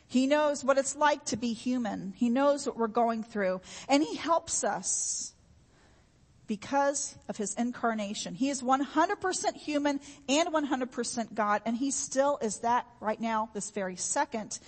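A woman's voice: on the high side, in a large hall. A woman preaching a sermon in an earnest, repetitive way, with homey everyday examples.

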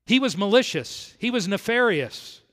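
A man from South Florida preaching a sermon verse by verse, moving between quiet and emphatic delivery. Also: sits high, animated, moderate pace. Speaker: pastor. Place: church sanctuary. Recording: long hall reverb.

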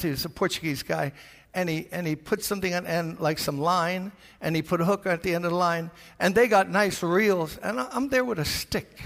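Older new york pastor, brooklyn accent, gravelly and kinda high, acting out a story in a sermon, big echoey church. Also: male voice. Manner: animated storyteller, acts out voices. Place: large church. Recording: reverberant church hall.

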